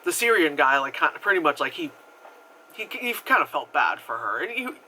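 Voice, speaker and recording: Bright, lively rambling movie reviewer. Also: medium pitch, brisk, a little hiss or hum, poor audio. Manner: rambling, filler-heavy retelling with frequent "like"; swears freely and acts out quoted characters. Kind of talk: casual movie review chat.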